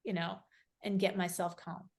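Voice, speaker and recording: A middle-aged woman with a fairly low, darkish voice, level tone and vocal fry speaks at normal speed as a podcast guest. Reflective and candid in this conversational interview, she restarts her sentences often and fills gaps with filler words.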